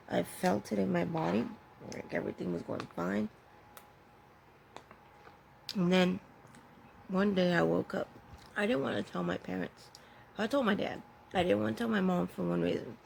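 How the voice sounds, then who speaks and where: Woman with a deeply gravelly voice. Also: steady tone, darkish tone, slight background noise, rough recording. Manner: halting and candid, with pauses and self-corrections. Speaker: vlogger sharing her own story. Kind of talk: personal storytelling.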